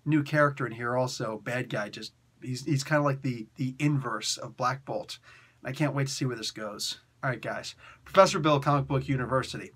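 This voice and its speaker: A man giving an excitable, slangy comic book review, laughing often and dropping into quick impressions. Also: medium pitch, breathy edge. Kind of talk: animated comic review rant.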